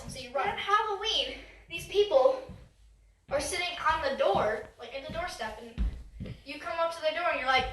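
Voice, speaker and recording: A young woman doing a chatty, self-mocking stand-up comedy set, acting out quick voices. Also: high-pitched, animated, fairly bright tone, reverberant, recorded from a distance, a little hiss or hum, poor audio. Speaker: stand-up comic. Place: stage before a live audience.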